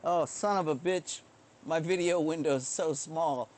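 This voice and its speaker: A man's voice: a little high, unhurried, a little mellow. A man in a rambling, profane, self-deprecating live-stream monologue, recorded indoors on a webcam setup.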